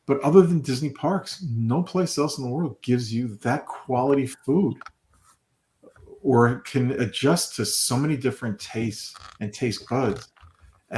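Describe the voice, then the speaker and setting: A man's voice: medium pitch, darkish tone, echoey room. A man co-hosting a casual fan podcast, talking about the theme park with gushing enthusiasm. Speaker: podcast co-host. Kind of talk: casual chat.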